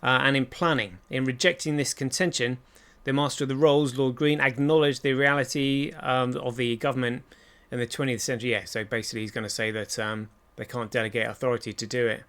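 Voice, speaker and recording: A man with a clean, smooth voice at a middle pitch for a man. He hosts a casual chat, agreeing readily, and reads a text aloud haltingly with frequent fillers. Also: steady tone, a bit bright.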